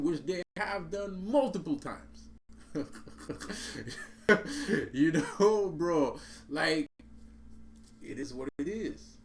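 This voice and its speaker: A man telling a story in a casual, profane, streetwise way, laughing often and saying bro and man. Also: fairly high pitch. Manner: repeats and restarts words. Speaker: vlogger.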